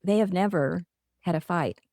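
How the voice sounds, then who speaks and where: Middle-aged woman guest, mellow gravelly voice, earnest and reflective, interview chat. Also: fairly low pitch, moderate pace, no echo, studio quality. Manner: earnest, reflective, talks through examples. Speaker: guest author. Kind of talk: casual interview conversation.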